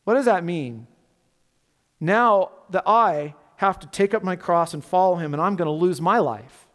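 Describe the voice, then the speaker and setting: A male pastor with a high voice gives an unhurried sermon in a space with a big-room sound. His delivery is lively and conversational, loaded with rhetorical questions.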